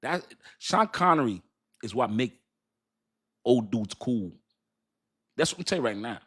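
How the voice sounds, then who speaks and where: A man's voice: medium pitch, animated, unhurried, fairly bright tone, slightly rough. An older man hosting a crypto channel in casual chat, playful and folksy, laughing often between lines.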